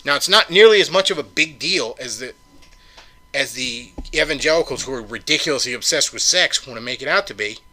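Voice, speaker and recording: A man's voice: medium pitch, animated, brisk, bright, forceful tone. A man hosting a podcast in a heated solo rant, swearing often and firing off sarcastic rhetorical questions. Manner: profane, sarcastic, heated ranting. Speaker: podcast host.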